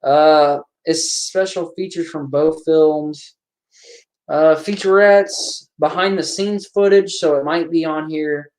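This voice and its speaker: A man's voice: a little high, fairly even intonation, slow pace, darkish tone. A man giving casual watch-along commentary on a horror film, chatting and reacting aloud to the scenes.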